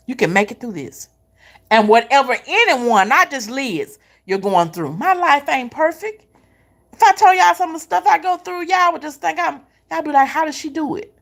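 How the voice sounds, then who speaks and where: A middle-aged woman giving a faith-based pep talk, repeating her points with emphasis and calling the listener baby and honey. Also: sits high. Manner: emphatic repetition, folksy Southern-style phrasing. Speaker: motivational speaker.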